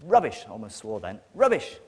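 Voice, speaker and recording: A man's voice: fairly low pitch, huge pitch swings, normal speed, darkish tone, husky. Sardonic northern English man lecturing. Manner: emphatic, sardonic, blunt. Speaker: conference speaker. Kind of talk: lecture to an audience. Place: lecture hall with an audience. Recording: long reverb of a lecture hall.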